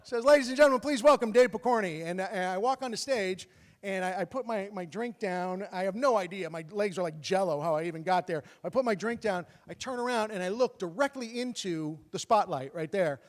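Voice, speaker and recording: Animated man telling a comic story. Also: sits high, normal speed. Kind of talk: personal story told on stage. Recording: long hall reverb.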